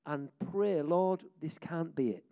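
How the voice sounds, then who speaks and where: A man preaching, telling stories in an excitable, jokey way. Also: on the high side, slow pace, clear, resonant tone, lo-fi sound. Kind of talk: lively sermon storytelling.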